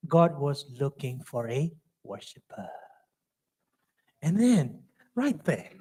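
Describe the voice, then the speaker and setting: A man's voice: on the high side, sing-song, takes it slowly, a little mellow, husky. A man from Myanmar with a Burmese accent, a pastor giving a Bible study talk in a chatty storytelling way, acting out dialogue in second-language English.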